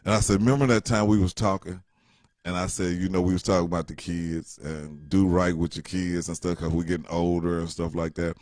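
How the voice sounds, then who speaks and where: A man's voice: low voice, flat delivery, fairly quick, few pauses, a little mellow, no room sound, studio quality. A middle-aged man telling a rambling, joking story in casual slang. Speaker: vlogger.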